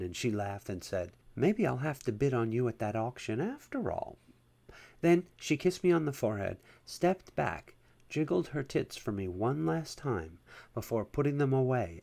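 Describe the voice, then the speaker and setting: A man reading a first-person erotic story aloud at a steady, unhurried pace. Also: lowish voice, vocal fry. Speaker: narrator.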